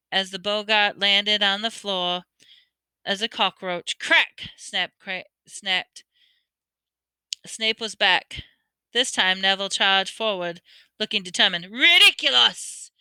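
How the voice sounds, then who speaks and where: A woman's voice: medium pitch, pushed and bright, clear, resonant tone, no room sound. A woman reading a novel aloud, often stumbling over words and correcting herself. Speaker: audiobook reader.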